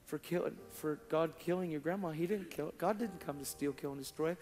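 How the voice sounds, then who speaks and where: Brief: casual, animated male preacher, a bit high, in a reverberant hall. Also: a little fast. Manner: animated, casual slang, acts out dialogue. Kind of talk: sermon testimony storytelling. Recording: long hall reverb, faint music.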